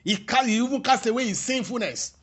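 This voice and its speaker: A man preaching a sermon, repeating his phrases and stressing them slowly. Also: very high voice, a bit bright, slightly rough.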